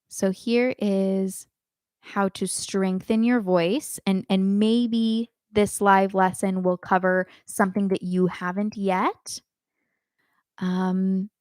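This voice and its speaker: During a live online lesson, a woman who teaches singing responds to questions from viewers in the chat, taking her time and thinking things through, with plenty of ums and false starts. Her mid-range voice is smooth and darkish, recorded at studio quality with no room sound.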